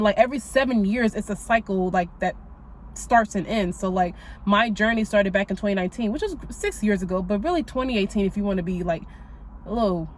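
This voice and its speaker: A woman's voice: medium pitch, slight background noise. A woman in her twenties hosting a spiritual podcast, talking bluntly and sassily, with a lot of swearing and plenty of "like" fillers. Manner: blunt, profane and sassy, with lots of "like" fillers. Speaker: podcast host. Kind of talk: casual spiritual podcast monologue.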